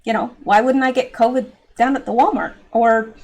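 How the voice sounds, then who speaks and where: Woman, commentary host, higher-pitched voice, sarcastic and exasperated. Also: steady tone, normal speed, a little mellow. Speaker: political commentary channel host. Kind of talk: opinionated political commentary.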